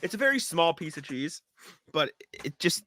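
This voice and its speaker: Bright-voiced man telling a story. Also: on the high side, moderate pace, dry recording. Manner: animated storytelling, swears freely, laughs often. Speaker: podcast co-host. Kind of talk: casual sports podcast chat.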